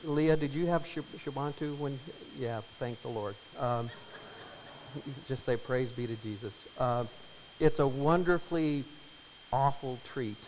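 A man's voice: mid-range voice, slow, a little mellow. A man in his fifties preaching a sermon as pastor, chatty and emotional, telling stories with many restarts. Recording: hall reverb, faint hum.

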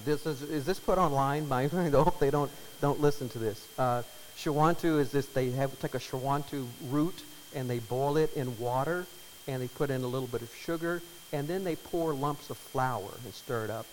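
A man in his fifties preaching a sermon as pastor, chatty and emotional, telling stories with many restarts. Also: mid-range voice. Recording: hall reverb, faint hum.

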